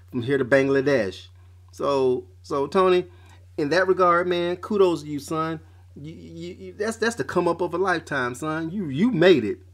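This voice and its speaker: A man in an unscripted podcast rant, talking in a mid-range voice. He is blunt and profane, leans on street slang, and keeps restarting his sentences. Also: medium pitch. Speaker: podcast host. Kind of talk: off-the-cuff rant.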